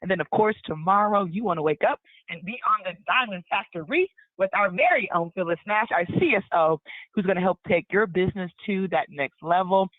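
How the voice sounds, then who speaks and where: A woman hosting a business conference call, brisk and upbeat as she announces the schedule. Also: mid-range voice, animated, no room sound. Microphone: phone. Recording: dry phone line.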